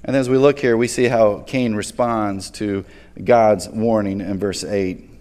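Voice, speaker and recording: A man's voice: on the low side, fairly even intonation, a little slow, a little mellow. A man preaching a sermon as a pastor, talking casually and conversationally and often restarting words. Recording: long hall reverb.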